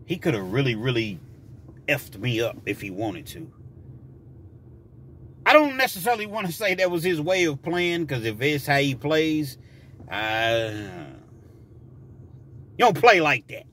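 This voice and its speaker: A man telling a story from his own life in a vlog, talking freely with frequent restarts and jumping into loud, high voices to act out what people said. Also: very animated, a little slow, pauses often, a little hiss or hum. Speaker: vlogger telling a personal story.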